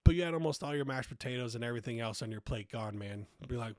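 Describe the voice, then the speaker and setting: A man hosting a podcast, telling stories in a blunt, profane, casual way, getting loud when riled up. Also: mid-range voice, fast talker, few pauses, dry recording, clean studio sound. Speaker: podcast host. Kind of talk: casual storytelling monologue.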